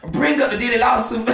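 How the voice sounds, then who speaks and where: A man's voice: extremely high pitch, distant mic. A man hosting a celebrity drama commentary show, sassy and exclamatory as he reads posts aloud and reacts to them. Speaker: gossip show host. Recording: echoey room, off mic, faint music.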